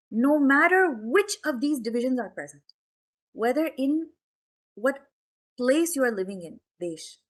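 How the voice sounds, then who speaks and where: A woman spiritual teacher giving a conversational discourse, full of questions and asides to her listeners. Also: high-pitched. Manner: chatty, questioning, many asides to the audience. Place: temple hall.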